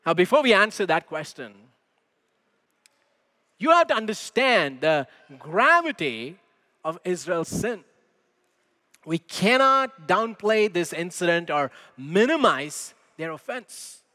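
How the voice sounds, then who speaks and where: Male pastor, sermon, higher bright voice, long hall reverb. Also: sing-song. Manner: measured, emphatic, asks rhetorical questions. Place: church sanctuary.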